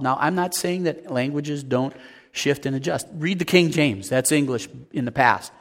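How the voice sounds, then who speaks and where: A man preaching a sermon, animated, acting out everyday scenes and asking the congregation questions. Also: a little high, moderate pace. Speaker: pastor.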